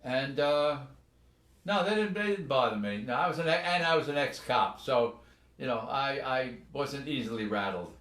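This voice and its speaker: This is an older man with a New York accent, easygoing and chuckling. He chats casually, often pausing to recall details. His voice carries a noticeable room echo. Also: mid-range voice, expressive, a bit bright. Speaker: retired firefighter co-host. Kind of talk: casual live-stream chat. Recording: echoey room.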